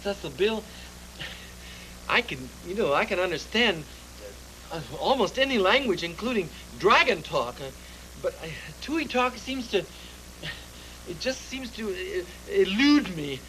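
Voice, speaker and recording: A man's voice: high voice, expressive, measured pace, long pauses, sharp tone, slight background noise, exaggerated voice, rough recording. A man voicing a fussy, flustered male bunny in a 1970s TV puppet show, stammering and polite.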